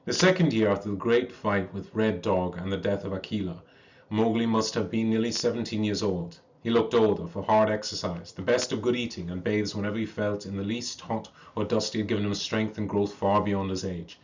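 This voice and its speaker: A man reading a classic story aloud to a listener, slow and measured, chanting the verse passages. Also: fairly low pitch, fairly even intonation. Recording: dull lo-fi recording.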